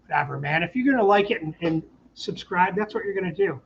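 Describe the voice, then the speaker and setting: A man's voice: sits high, fast talker, a bit bright, muffled recording, a little hiss or hum. Upbeat rambling man hosting a live stream. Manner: rambling, upbeat, reads out viewer comments. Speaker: channel host. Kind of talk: casual livestream chat.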